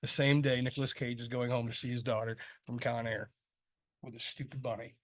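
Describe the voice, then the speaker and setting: A male podcast co-host in loud, joking, casual chat, swearing freely. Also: mid-range voice, little pitch movement, a little fast.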